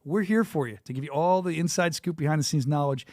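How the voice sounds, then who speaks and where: A man hosting a sports podcast in a studio, talking quickly and enthusiastically with many restarts. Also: a little high, darkish tone, dry recording. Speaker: podcast host. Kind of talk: casual podcast chat.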